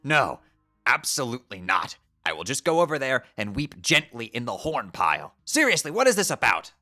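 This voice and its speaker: A man voicing an angry young male troll who rants loudly and sounds exasperated. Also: medium pitch, wildly swooping pitch, normal speed, faint music behind, heavily acted. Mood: ranting. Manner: ranting, loud and exasperated.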